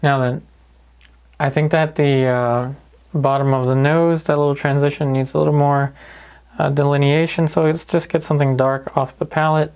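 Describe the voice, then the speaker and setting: Guy with a gravelly voice walking you thru a paint-along, relaxed and easygoing. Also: a little high, normal speed. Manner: calm, easygoing, talks through each step. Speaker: painting instructor. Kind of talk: paint-along tutorial narration.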